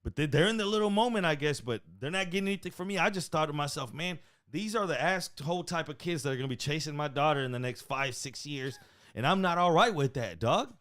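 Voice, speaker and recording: A young man chatting casually on a sports podcast. His voice sits high, and he talks in an animated, mocking way. He laughs often as he riffs. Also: fast. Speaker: podcast co-host.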